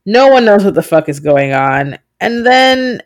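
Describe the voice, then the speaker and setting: A woman's voice: mid-range voice, very animated, unhurried. A woman co-hosting a podcast, chatting casually and acting out quotes in mock voices, with some swearing. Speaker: podcast co-host. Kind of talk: casual recap chat.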